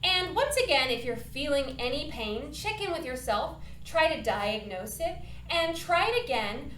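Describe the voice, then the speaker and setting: A woman's voice: sits high, expressive, unhurried, a bit bright, roomy sound, a little hiss or hum. A woman teaching a children's singing lesson, upbeat and encouraging, demonstrating points with her own voice.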